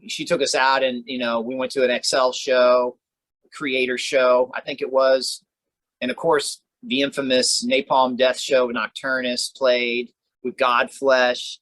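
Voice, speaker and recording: Man, podcast co-host, casual rambling chat, swears a lot, mid pitch, dry close mic. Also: level tone, measured pace, a bit bright, no room sound, poor audio. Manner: laid-back, rambling, swears freely, says "man" a lot.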